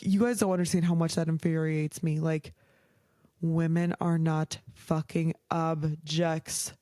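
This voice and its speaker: A woman's voice: low voice, level tone, a little slow, mellow, no room sound. A young woman hosting a podcast, chatting casually and frankly, heated and swearing often, with a lot of "like". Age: young adult. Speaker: podcast host. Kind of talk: casual chat.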